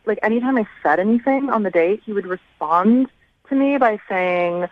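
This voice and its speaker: A woman's voice: medium pitch, expressive, moderate pace, no room sound. Giggly young woman caller over a muffled line. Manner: valley-girl filler, giggly, lots of "like". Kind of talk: casual phone call.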